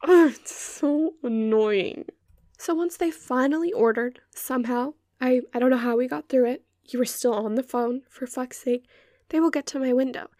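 A woman's voice: high voice, normal speed, mellow, dry recording, clean studio sound. A young woman hosting a podcast, ranting in an exasperated, sarcastic and sweary way. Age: young adult. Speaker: podcast host. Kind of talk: ranting monologue.

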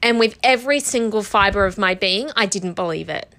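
A woman's voice: medium pitch, brisk, fairly bright tone. A woman hosting a candid personal monologue, heartfelt and close to tears, with lots of "like" and "you know.".

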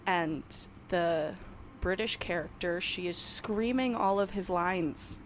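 Chatty low-voiced woman, noisy recording. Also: slow. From New York. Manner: chatty, rambling, laughs often. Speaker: podcast co-host. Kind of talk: casual chat.

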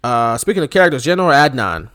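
Here a male podcast co-host with a mid-range voice talks quickly through a casual conversation. Laughter, lively energy, joking asides, and playful mock-shouting run throughout.

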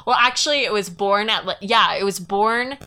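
Bubbly, clear-voiced woman co-host. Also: mid-range voice, moderate pace, sharp tone. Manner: bubbly, giggly, rambling. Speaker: podcast co-host. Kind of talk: casual chat.

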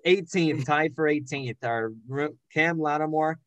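A man's voice: a little high, measured pace, no echo, low-quality recording. Young male podcast host, casual and jokey, reading standings; dry close mic. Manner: jokey, rattles off names and standings. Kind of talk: casual sports podcast chat.

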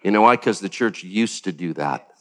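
An older man preaching a sermon as pastor, animated, with sudden jumps up in pitch and acted-out quotes. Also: normal speed.

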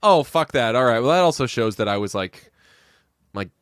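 A man in relaxed podcast chat about a film, sarcastic and animated as he retells scenes. His voice sits in a middle pitch, close and dry on the mic. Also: moderate pace, dry recording. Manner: sarcastic, animated storyteller with shouted quoted voices. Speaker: podcast co-host. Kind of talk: casual movie-review chat.

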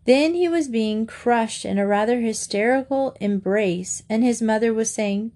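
A woman narrating a children's storybook aloud in a clear, steady storytelling manner. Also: fairly high pitch, measured pace, hardly any pauses.

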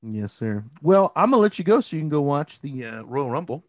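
A man's voice: fairly high pitch, big pitch swings, fairly quick, no echo, highs cut off. Rambling storytelling man, dry close sound. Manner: rambling storyteller, many "like" fillers, laughs often. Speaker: podcast co-host. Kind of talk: casual chat.

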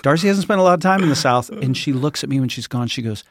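A man with a mid-pitched, gravelly voice tells lively stories in relaxed podcast chat. The recording is dry and close. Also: fast talker, no echo. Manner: animated storyteller, imitates voices in anecdotes. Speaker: podcast co-host, pastor. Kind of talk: casual chat.

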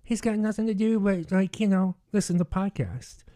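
A man's voice: sits high, normal speed, warm tone. A man with a speech impediment co-hosting a podcast, telling a story in profane, joking casual chat and acting out the quoted lines. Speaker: podcast co-host.

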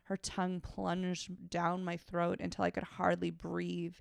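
A woman's voice: lowish voice, monotone, measured pace, creaky, no echo, clean studio sound. A woman podcast co-host reading fiction aloud and breaking off now and then for frank, wry asides.

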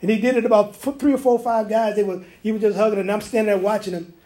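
A man's voice: high voice, fairly even intonation, quick pace, dark tone, echoey room. A man preaching, telling a dream as a story and acting out the voices and sounds in it. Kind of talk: sermon testimony.

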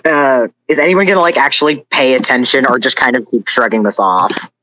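A man playing in an online tabletop game, hesitantly narrating his character's actions with many pauses and fillers. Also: medium pitch, sharp tone, rough recording. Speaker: tabletop role-play player. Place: online voice call.

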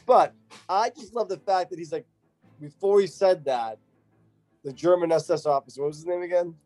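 A man with a fairly high but warm, mellow voice joins in a casual podcast chat. He swears freely and gushes about the scenes he loves, over faint music. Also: normal speed. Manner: profane and enthusiastic. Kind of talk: casual movie discussion.

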